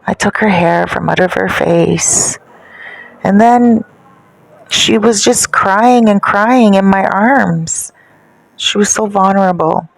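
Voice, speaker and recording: A woman tells her own dark story in a casual, gossipy way, sounding self-satisfied. Her voice sits in a middle pitch. The recording is dry and close, with no room sound. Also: slow pace, gravelly, dry recording, rough recording. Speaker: narrator. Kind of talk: first-person confessional story narration.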